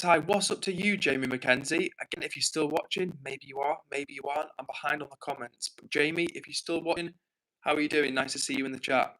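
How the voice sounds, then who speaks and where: English guy live streaming from home, kinda high voice, talks fast and gets excited reading the chat. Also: low-quality recording. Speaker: livestream host.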